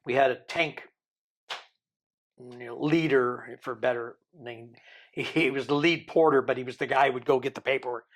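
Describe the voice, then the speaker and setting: An older man, a podcast guest, tells his own story in a lively way and acts out the people he quotes. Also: mid-range voice, normal speed. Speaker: interview guest.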